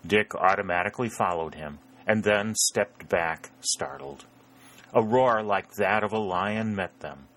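A man reading a historical novel aloud in a measured, even storytelling manner. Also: on the low side. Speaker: narrator. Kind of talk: audiobook narration.

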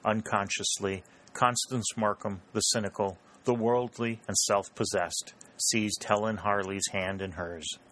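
A man narrates a historical novel in a low voice, reading at a measured and even pace. His storytelling is steady and scripted, in the manner of an audiobook.

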